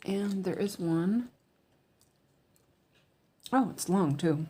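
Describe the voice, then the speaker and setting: A woman chatting casually as she stitches, answering viewers and muttering quietly to herself as she works. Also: medium pitch, expressive, drawn-out words, slightly rough. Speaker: cross-stitch designer and streamer.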